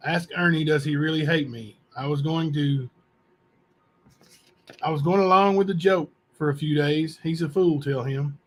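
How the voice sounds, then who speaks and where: A man hosting a channel, reading letters aloud to viewers in a plain, unhurried way with asides. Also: a little high. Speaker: channel host.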